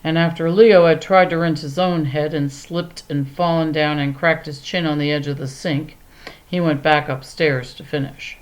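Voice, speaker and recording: A woman reads a children's chapter book aloud in a calm, measured voice. Her tone is low and steady throughout. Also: low-quality recording. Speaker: audiobook narrator. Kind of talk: storybook narration.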